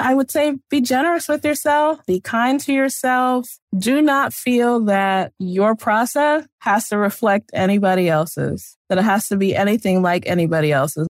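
A woman children's author speaking in a relaxed, reflective way, laughing easily as she tells stories. Her voice sits mid-pitch and sounds close and dry with no echo. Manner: warm storytelling, easy laughs, reflective. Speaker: children's book author, guest. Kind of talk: casual interview conversation.

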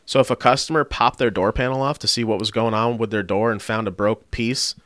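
A man's voice: on the low side, fairly quick, no room sound. A man telling a story in a casual podcast chat, swearing freely and acting out what other people said. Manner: animated storytelling, swearing, acting out quoted voices. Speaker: body shop worker telling a story.

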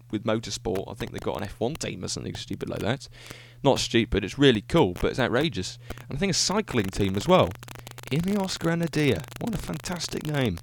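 Guy doing a solo podcast, excited and chatty, fixes his own words a lot, light hiss behind. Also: medium pitch. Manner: enthusiastic, rambling, self-correcting. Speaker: podcast host. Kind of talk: solo casual podcast monologue.

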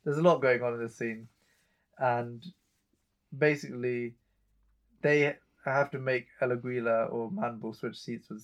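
A man co-hosting a chat show, casually retelling a TV episode scene by scene and reading out the characters' lines. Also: mid-range voice. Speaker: podcast co-host recapping an episode.

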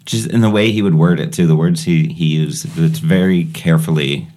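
A man's voice: sits low, brisk, mellow, slight background noise. A man in a casual chat, talking through ideas in a thoughtful, analytical way.

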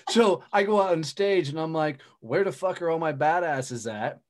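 A man's voice: a little high, normal speed. A middle-aged man in a casual chat, blunt and punchy, swearing freely as he tells stories. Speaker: guest, speaker and business owner.

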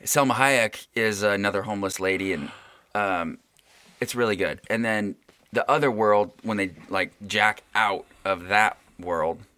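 Male host, deep voice, chatty and wry, dry close-miked sound. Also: unhurried, pushed and bright, no echo. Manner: wry, chatty, rambling storyteller. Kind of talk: casual chat.

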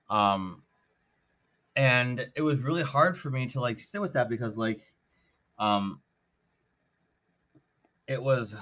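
A man with a somewhat low voice tells a story on his podcast. He rambles, circles back and restarts often, and keeps it loose and conversational. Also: fairly bright tone. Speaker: podcast host. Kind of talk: casual storytelling.

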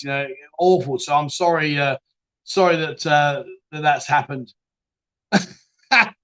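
A man's voice: fairly high pitch, fairly bright tone. A man hosting a casual live chat stream, reading viewer comments aloud and laughing often. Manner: chatty, laughs often, trails off and restarts.

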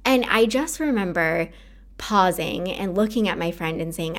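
A woman with a fairly low voice hosts a casual podcast, speaking in a candid, earnest, conversational way. She talks straight to the listener in a relaxed personal monologue, dropping in many fillers. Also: moderate pace. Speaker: podcast host.

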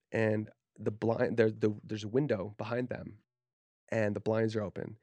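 A man's voice: lowish voice, little pitch movement, normal speed, creaky, a little mellow, no room sound. A man from Utah, a tattoo artist guest on a podcast, telling his story in a candid, profane, casual way and acting out what people said. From Utah, USA. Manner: candid, profane, acts out quoted speech.

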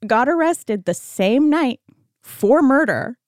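Lively young woman co-host. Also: slow, no room sound, clean studio sound. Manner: expressive storytelling with big pitch swings, giggly. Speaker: podcast co-host. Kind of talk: casual chat.

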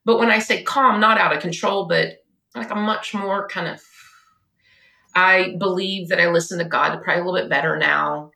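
A woman in her forties telling a painful family story on a podcast, animated and at times tearful. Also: on the low side, normal speed, gravelly. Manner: animated, tearful retelling, quotes others in her own voice. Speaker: podcast guest. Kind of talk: emotional personal storytelling. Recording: echoey room.

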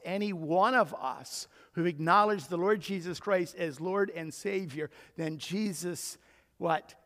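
High-voiced emphatic male preacher in a reverberant hall. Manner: emphatic preacher, swings between hushed and loud. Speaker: pastor. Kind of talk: sermon.

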